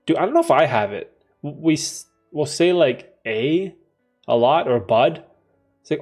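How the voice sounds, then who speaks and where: Fairly high-pitched with lively intonation, this young livestream host from Canada talks at a moderate pace in a darkish tone over soft background music. He's relaxed and uses slang, laughing a lot as he reads chat comments out loud.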